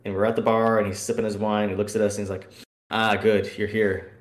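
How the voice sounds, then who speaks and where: A man chatting as a podcast guest, recounting tabletop game moments with lively acted-out bits. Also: lowish voice, fairly quick, reverberant. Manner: animated storyteller acting out scenes. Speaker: guest player. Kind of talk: casual podcast chat.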